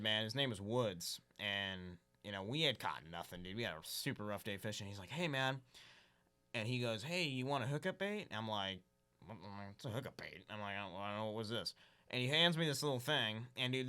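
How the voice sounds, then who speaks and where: A man's voice: medium pitch, pushed and bright, clear, resonant tone. A young man telling casual, rambling fishing stories as a podcast guest, saying "dude" a lot. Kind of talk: casual storytelling chat.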